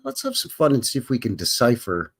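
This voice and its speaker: A man's voice: medium pitch, wildly swooping pitch, a little fast, husky. A Canadian man hosting a livestream, chatting casually in a rambling, jokey way. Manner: rambling and jokey, tags lines with "eh, buddy". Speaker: livestream host.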